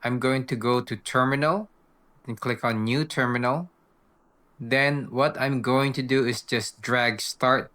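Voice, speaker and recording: A man with a bright, forward voice narrates a software walkthrough, explaining each step in an unhurried way. He sounds relaxed and practical, like a tutorial host. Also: medium pitch. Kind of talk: screen-recorded software walkthrough.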